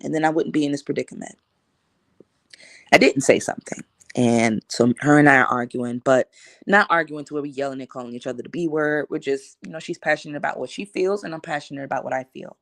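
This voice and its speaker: Woman, 30s, casual storytime vlogger, slangy, animated self-quotes. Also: deep voice, quick pace, creaky, no room sound, clean studio sound. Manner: animated, acts out her own past lines; relaxed slangy conversational delivery.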